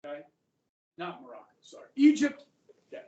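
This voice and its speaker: A man teaching history to a class, loose and conversational, tossing in "okay" and "guys" as he goes. His voice sits high. It is picked up from across an echoey classroom. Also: big pitch swings, fairly quick, mellow, far from the mic, lo-fi sound. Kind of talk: classroom lecture.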